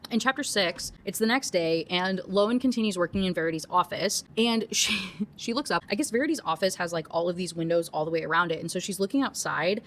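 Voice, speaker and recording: A woman's voice: fairly low pitch, quick pace, a bit bright, slight background noise. A young woman giving a casual, chatty book review rant, full of asides and fillers.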